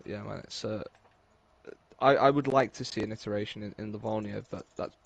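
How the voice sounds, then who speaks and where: A man's voice: lowish voice, steady tone, fairly quick, creaky, no echo. An English man chatting casually on a podcast, laid-back and rambling, chuckling often. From England. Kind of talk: casual chat.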